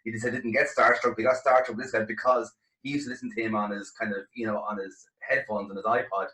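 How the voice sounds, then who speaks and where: Host guy, bright quick voice, stumbles and restarts, roomy echo. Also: fairly low pitch. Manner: quick, animated, halting restarts. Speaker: interview host. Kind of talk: casual interview chat. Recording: echoey room.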